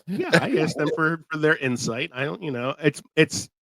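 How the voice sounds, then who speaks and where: A man's voice: fairly high pitch, expressive, moderate pace, fairly bright tone, dry recording, low-quality recording. A talkative man hosting a casual podcast chat, laughing often, with a sore throat and a voice that is wearing out. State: sore throat, losing his voice. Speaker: podcast host.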